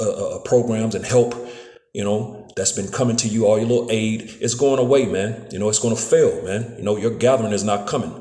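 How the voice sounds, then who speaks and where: Recorded on a phone in a reverberant space, this man's street-style scripture lesson is loose and casual. The preacher's voice sits on the low side with a darkish tone, and he keeps saying "man" and "you know what I'm saying" while stumbling over repeated words.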